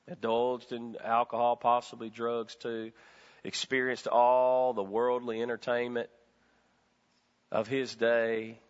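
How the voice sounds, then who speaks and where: A man preaching a sermon to his church, animated, swinging from loud bursts to quiet, low-voiced stretches. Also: in a large hall, dull audio. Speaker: pastor. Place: church sanctuary.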